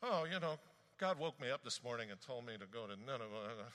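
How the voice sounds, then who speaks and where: A man's voice: medium pitch, expressive, fairly quick, a bit bright, long reverb tail, pitched below the performer's own voice, close to an everyday voice. A man voicing a sheepish male prophet who is hiding from God, speaking in a casual, evasive way. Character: runaway prophet, sheepish, making excuses.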